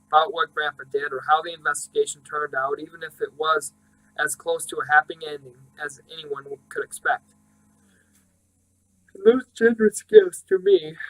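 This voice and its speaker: Man, audiobook narration, measured and steady, bright tone. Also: on the high side, poor audio.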